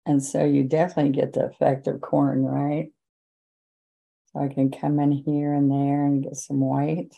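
A woman teaching a painting lesson, giving gentle, chatty step-by-step guidance as she works. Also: low voice, level tone, normal speed, creaky, highs cut off. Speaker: painting instructor. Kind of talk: relaxed painting demonstration.

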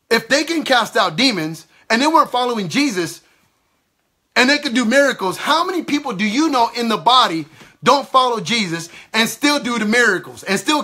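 A man's voice: very high-pitched, sharp tone. A man giving an impassioned sermon, emphatic and repetitive, acting out the other side of quoted exchanges. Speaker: preacher.

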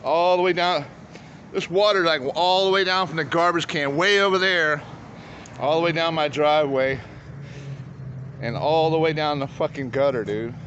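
A man shows storm damage around his home in a casual, profane vlog shot on a handheld phone in the yard and street, boasting and using lots of slang. His voice is a little high and a bit bright at normal speed, and the lo-fi phone audio picks up outdoor noise.

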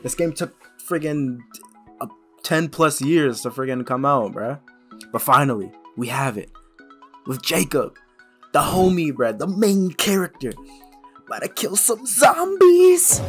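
A young man casually commenting while playing a game, excitable and swearing, yelling at sudden scares. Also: mid-range voice, a little slow, faint music behind. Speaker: gaming YouTuber.

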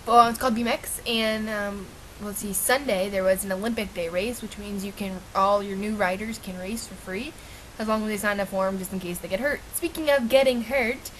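A woman's voice: mid-range voice, a little fast, slight background noise, low-quality recording. A young woman chatting casually to camera with her twin, rambling and correcting herself as she goes. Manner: rambling, self-correcting, giggly. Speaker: vlogger, twin sister.

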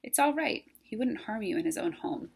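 A woman's voice: medium pitch, animated, moderate pace, vocal fry, a little mellow, breathy edge. A woman voicing a polite, helpful male crow in a storybook read-aloud, earnest in manner.

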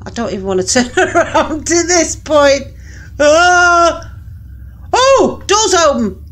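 Jumpy, high-voiced woman gamer. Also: big pitch swings, normal speed, slight background noise. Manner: jumpy, screams and swears often; nervous laughter. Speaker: channel host playing a horror game. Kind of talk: let's-play commentary.

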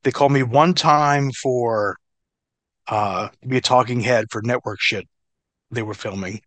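A middle-aged man spins casual stories with plenty of swearing and quick laughs. His voice sits at an ordinary pitch and sounds close and dry, with no room echo behind it. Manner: profane, laughing, animated storyteller. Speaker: interview guest, former wrestler. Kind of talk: casual storytelling.

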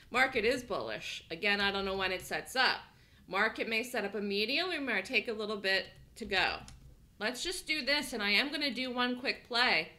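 A woman's voice: on the high side, pushed and bright. A woman hosting a live day trading room, chatting casually, laughing often and thinking aloud as she calls trades.

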